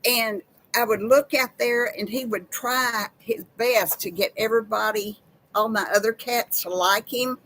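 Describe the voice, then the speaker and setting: A woman's voice: fairly high pitch, fairly even intonation, measured pace, a bit bright, low-quality recording. A woman, hosting a casual live chat with viewers in a folksy, chatty way. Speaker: live-stream host.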